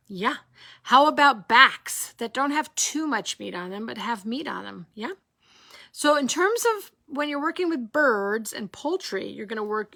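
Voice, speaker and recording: A woman teaching a live cooking class online in a bright voice pitched a little high. She talks in an animated way and asks her listeners rhetorical questions. She checks in with them often and cracks jokes along the way. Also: vocal fry.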